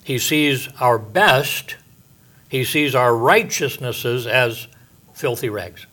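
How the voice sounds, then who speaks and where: A man's voice: mid-range voice, slow, pushed and bright. Older male pastor teaching in a folksy way. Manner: conversational and folksy, homey asides and frequent "um" and "you know". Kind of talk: sermon, verse-by-verse Bible teaching.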